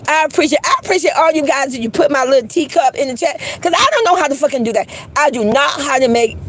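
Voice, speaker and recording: A woman with a high voice hosts a casual livestream over slight background noise, greeting her chat. She's blunt and profane, laughs, and reads chat messages aloud.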